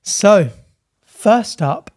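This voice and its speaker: A man's voice: high voice, lively intonation, very slow, a little mellow. A man co-hosting a podcast in casual comedic chat, playful and laughing often, acting out little voices. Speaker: podcast co-host. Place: studio on a high floor.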